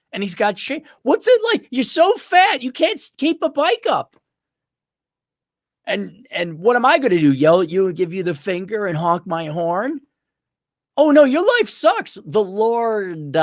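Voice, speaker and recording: A man's voice: on the high side, no room sound, studio quality. A man hosting a casual advice monologue, blunt and sardonic, with mocking asides. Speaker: podcast host. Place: on a trip during a motorcycle rally.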